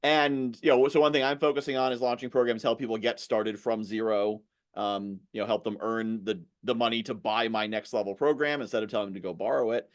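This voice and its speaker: A man hosting a podcast interview, chatting casually and acting out pushy sales pitches in exaggerated voices. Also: fairly even intonation, brisk. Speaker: podcast host.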